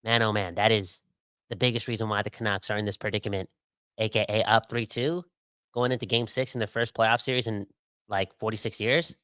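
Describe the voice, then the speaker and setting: A man co-hosting a sports podcast, animated and ranting with frequent exclamations. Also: on the low side, a little fast, smooth, dry recording. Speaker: podcast co-host. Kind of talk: casual sports podcast chat.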